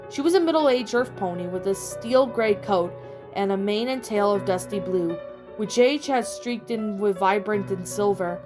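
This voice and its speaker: A woman narrating a fan story aloud in a steady descriptive reading. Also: medium pitch, normal speed. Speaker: audiobook narrator. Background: soft background music.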